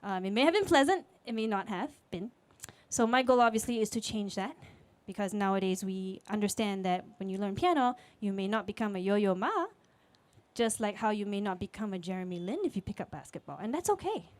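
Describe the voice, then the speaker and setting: A woman's voice: mid-range voice, expressive, fairly quick. A woman, telling a personal story on stage at a live event in a candid, chatty way with fillers. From Singapore. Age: late 20s. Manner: conversational and candid, with fillers and voiced quotes. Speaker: speaker at a storytelling event, music teacher. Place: live speaker event before an audience.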